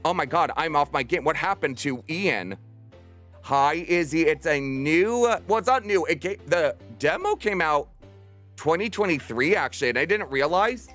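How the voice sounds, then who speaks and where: Young man, livestreamer, slightly high voice, bubbly and affectionate, soft music behind. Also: animated. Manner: bubbly, affectionate, talks fast to chat. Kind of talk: casual stream chat. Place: home room.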